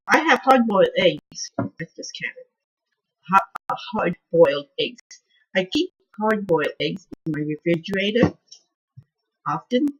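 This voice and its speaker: A woman hosting a casual cooking vlog from her home kitchen, quiet and soft-spoken, chatting in a rambling way and trailing off as she cooks. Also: lowish voice, slightly rough, muffled recording. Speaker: cooking channel host.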